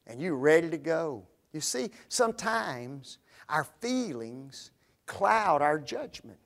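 A male preacher delivering a sermon, using rhetorical questions and dropping into quiet, dramatic pauses. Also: a little high, animated.

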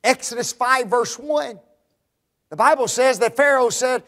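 A male preacher with an unusually high voice delivers a sermon, asking the congregation rhetorical questions. He swings between raised emphasis and hushed, low asides. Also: a little slow. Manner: rhetorical questions, dramatic drops to quiet.

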